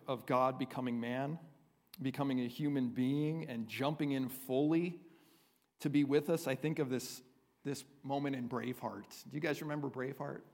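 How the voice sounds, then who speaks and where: A pastor with a mid-range, darkish voice preaches at a moderate pace, earnest and conversational. He frequently uses tag questions to check in with the congregation, and the recording carries the long reverb of a large hall.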